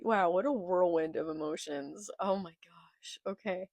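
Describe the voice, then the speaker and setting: A woman's voice: lowish voice, measured pace, darkish tone, dry recording, studio quality. A young woman reading comic dialogue aloud in a casual reaction video and commenting on it between the lines. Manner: reads manga dialogue aloud, then comments. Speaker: manga reaction vlogger. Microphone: phone filmed in portrait.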